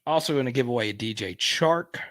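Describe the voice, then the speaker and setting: A man's voice: mid-range voice, expressive, a little fast, a bit bright, dry recording. A man hosting a casual live stream, chatting and reading viewer comments aloud.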